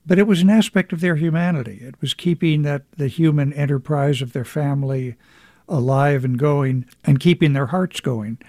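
A man's voice: on the high side, moderate pace, a little mellow, no room sound. Middle aged guy talking about his book, thoughtful, stops and restarts a lot, dead dry mic. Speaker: author guest. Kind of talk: reflective interview conversation.

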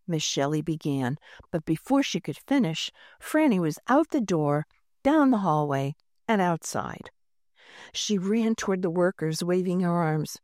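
A woman reading a children's book aloud, expressive and lively. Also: fairly low pitch, measured pace, no room sound, clean studio sound. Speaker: storyteller.

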